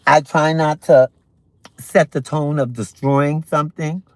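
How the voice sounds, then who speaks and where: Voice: medium pitch, fairly even intonation, measured pace, no room sound. A livestream host chatting casually with viewers during a morning stream, eating breakfast while talking, with sassy, playful asides. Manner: chatty, talks to viewers between bites of breakfast.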